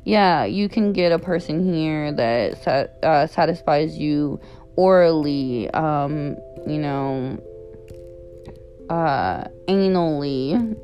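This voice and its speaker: Young woman, low voice, talks slow and blunt, lots of ums and you knows, faint music behind. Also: warm tone. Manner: candid and blunt, frequent fillers like "um" and "you know". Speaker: vlogger giving advice. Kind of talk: casual advice chat.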